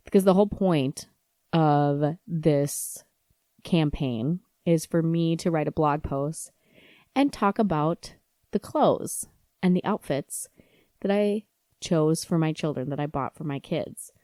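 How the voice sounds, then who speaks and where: A woman in her thirties telling a story about her kids in a casual, animated way, laughing and acting out her own side of conversations. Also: deep voice, measured pace, no echo, clean studio sound. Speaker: podcast host and mom blogger.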